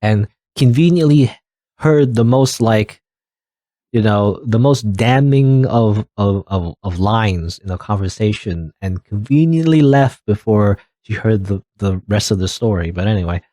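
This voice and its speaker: Young man, let's play commentary, halting and musing, lively pitch, dry close mic. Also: dry recording. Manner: musing, halting, with restarts and wry asides. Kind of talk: let's play commentary, reading game text aloud.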